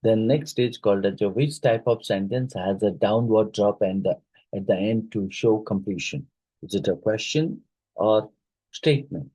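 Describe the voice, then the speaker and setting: A man's voice: on the low side, moderate pace, mellow, slightly rough, dry recording, low-quality recording. Hesitant Indian-accented male teacher, dry sound. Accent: Indian English. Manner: hesitant, many fillers, reads questions then explains. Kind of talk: exam-prep lecture.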